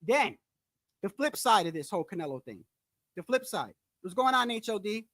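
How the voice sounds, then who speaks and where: A man's voice: high-pitched, sing-song, normal speed, a bit bright, no room sound. Blunt, emphatic man ranting about boxing. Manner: emphatic, repetitive, blunt and profane; addresses viewers directly, often says "bro". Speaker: boxing channel host. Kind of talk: casual boxing commentary rant.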